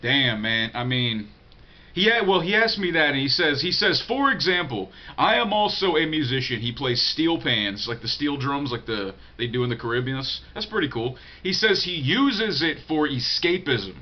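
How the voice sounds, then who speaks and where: A man's voice: mid-range voice, expressive, moderate pace. A man talking to the camera in a loose, rambling way, swearing freely and often restarting his words as he answers a viewer's email. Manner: profane, digressive, blunt. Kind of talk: casual rambling monologue. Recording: dull lo-fi audio.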